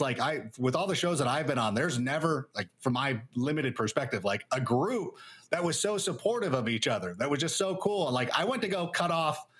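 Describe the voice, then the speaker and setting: Male interview guest, chatty and rambling, lively storyteller, plenty of "like" and restarts. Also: medium pitch, breathy edge. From Los Angeles area. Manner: rambling, animated storyteller with many fillers. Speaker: guest analyst. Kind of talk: casual interview chat.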